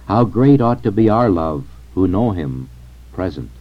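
Man, low-pitched, solemn sermon reading, measured pace, dull lo-fi recording. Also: sing-song. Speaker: reader of a sermon. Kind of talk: sermon read aloud.

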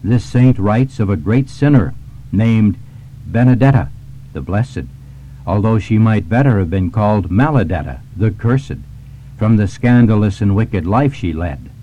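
A man reading a devotional sermon in a measured, solemn manner. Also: fairly low pitch, lively intonation, dark tone, a little hiss or hum, poor audio. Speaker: preacher.

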